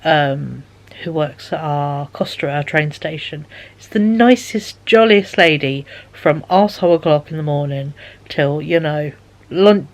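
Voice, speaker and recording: A woman chatting casually in a vlog, rambling with many fillers and sounding tired and yawning. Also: low-pitched. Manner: rambling, lots of fillers and repeated "he said". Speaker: vlogger.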